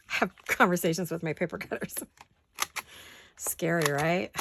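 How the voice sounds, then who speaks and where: A woman's voice: fairly low pitch, animated, normal speed, vocal fry, long pauses, noisy background. A woman hosting a craft-along from her home studio, chatting and talking to herself in a rambling, playful way. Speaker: crafting channel host.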